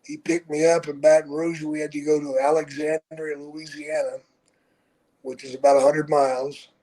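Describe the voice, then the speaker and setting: A man in his sixties telling stories from his own life on a podcast, unhurried and swearing freely. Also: on the high side, flat delivery, mellow, low-quality recording. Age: 60s. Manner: profane, unhurried storyteller. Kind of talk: casual storytelling.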